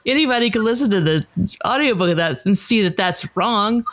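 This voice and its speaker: A woman's voice: mid-range voice, animated, brisk, no echo. A woman co-hosting a casual chat, emphatic and laughing often, swearing freely.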